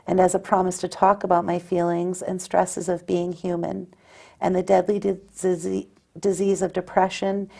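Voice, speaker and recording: A woman with a low, gravelly voice speaks in a steady, even testimonial, with a dark tone and little rise and fall. Her delivery is measured and earnest throughout. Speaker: suicide loss survivor sharing her story. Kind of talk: personal testimonial.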